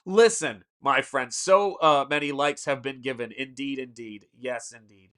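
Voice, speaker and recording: A man with a Southern American accent chats casually on a livestream from his home art studio. He rambles and restarts, filling gaps with ums while reading viewer messages aloud. His voice sits at an ordinary middle pitch. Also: measured pace, fairly bright tone, clean tone. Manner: rambling, reads chat aloud, many fillers and restarts. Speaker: artist and livestream host.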